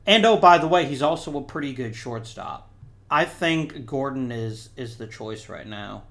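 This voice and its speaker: A man's voice: mid-range voice, expressive, normal speed, vocal fry, fairly bright tone. A man hosting a gaming channel, thinking aloud in casual let's-play commentary and talking to the players on screen.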